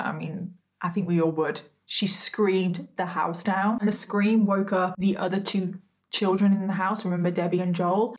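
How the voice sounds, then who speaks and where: A woman hosting a true crime video, retelling a case casually with frequent asides to her viewers and emphatic disbelief. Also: mid-range voice.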